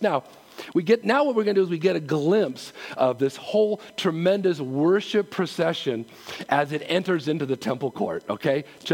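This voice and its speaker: Male pastor, high and gravelly, lively conversational sermon. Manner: animated, laughs often, acts out quotes.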